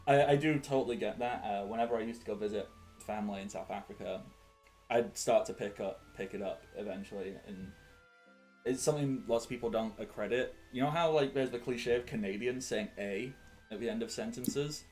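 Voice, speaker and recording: A man's voice: fairly low pitch, a little fast, darkish tone, soft background music. A man, rambling and laughing as he chats while running a tabletop game. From England (Sheffield). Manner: rambling, chatty, laughs often. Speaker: game master. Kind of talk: casual chat at a tabletop game.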